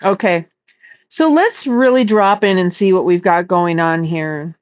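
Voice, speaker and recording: A woman speaking as a psychic in a casual, meandering spiritual talk, earnest and stretching some words out slowly. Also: fairly low pitch, no room sound, dull audio. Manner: meandering and earnest, with slow drawn-out emphases. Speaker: psychic channeling messages.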